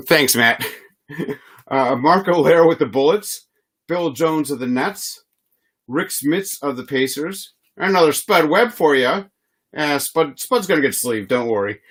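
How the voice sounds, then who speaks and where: A man's voice: a little high, expressive, a little slow, a bit bright. A man hosting a live trading card box break, reading player names in a chatty, easygoing way and laughing often.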